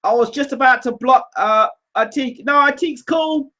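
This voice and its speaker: Male livestream host, very high voice, animated and teasing, chatty. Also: moderate pace, dull audio. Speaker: live show host reading viewer comments. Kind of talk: casual livestream chat.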